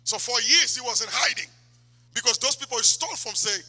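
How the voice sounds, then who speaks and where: A man preaching a sermon in a church, swinging from loud exhortation to quiet asides. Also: very high-pitched, lively intonation, a little fast. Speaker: pastor. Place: church sanctuary. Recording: long church hall reverb.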